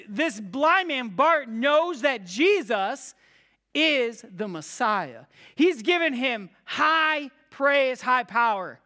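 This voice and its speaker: Pastor, sermon in church, bright forceful tone, repeats phrases, loud then hushed. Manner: emphatic, repeating phrases, swinging between loud cries and hushed low tones. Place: church service with a live congregation.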